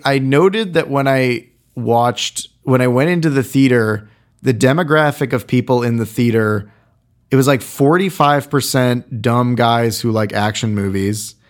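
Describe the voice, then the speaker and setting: A man with a mid-pitched, everyday voice talks through a film review off the cuff. He rambles, piles on fillers and throws in wry, irreverent jabs as he goes. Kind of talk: casual spoken review.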